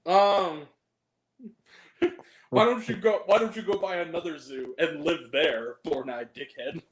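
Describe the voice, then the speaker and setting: A man's voice: on the high side, a little slow, reverberant. A man hosting a movie review podcast, chatting casually in a rambling, profane way, full of fillers and giggles. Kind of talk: casual chat.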